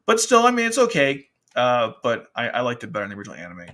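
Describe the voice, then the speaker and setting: Talking fast in a mid-range voice, a man reviews a manga in loose, casual commentary for his anime review show. He acts out character lines with exaggerated voices and keeps laughing throughout.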